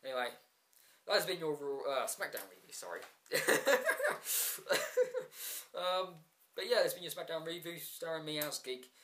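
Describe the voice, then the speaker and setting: A man's voice: a little high, expressive, fairly quick, fairly bright tone. A man giving a casual solo review vlog, frustrated and ranting, with many ums and restarts and sarcastic asides. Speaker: wrestling show reviewer.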